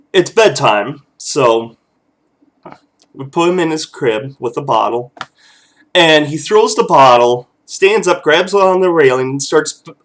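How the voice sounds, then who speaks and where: A man in his thirties, a father casually telling family stories, chuckling often and loose with fillers. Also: on the high side. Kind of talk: casual storytelling vlog.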